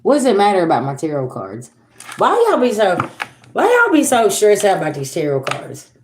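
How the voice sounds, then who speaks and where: A woman's voice: medium pitch, wildly swooping pitch, moderate pace, a little mellow, roomy sound, slight background noise. Sassy, blunt woman tarot reader. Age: 40s. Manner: blunt, sassy, swears freely, talks straight to viewers. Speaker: tarot reader and livestream host. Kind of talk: casual livestream rant.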